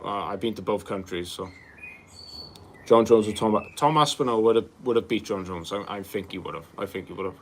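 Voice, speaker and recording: A man in his twenties chats loosely on a livestream, answering viewers with plenty of ums, likes and bros. His voice sits fairly low. A faint hiss runs behind him. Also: brisk. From Wales. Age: 20s. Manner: loose and rambling, calls people bro, many fillers. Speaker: livestream host. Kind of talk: casual chat answering live viewer questions.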